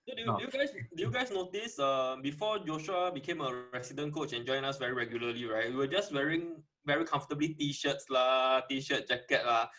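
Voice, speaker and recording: A man with a Singaporean English accent who talks fast and with energy in a casual chat among co-hosts. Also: medium pitch. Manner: energetic, talks fast, laughs through his lines. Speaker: co-host.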